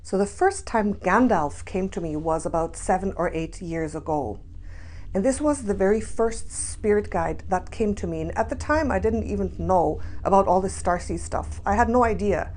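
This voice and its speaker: Woman, spiritual reader, earnest and soft-spoken storyteller, laughs easily. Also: mid-range voice, expressive, normal speed. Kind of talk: storytime vlog.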